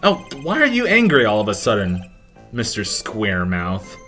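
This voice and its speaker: A man's voice: fairly low pitch, wildly swooping pitch, normal speed, pushed and bright, soft background music. A man doing casual, sarcastic let's-play commentary, mocking the game as he reads its lines aloud.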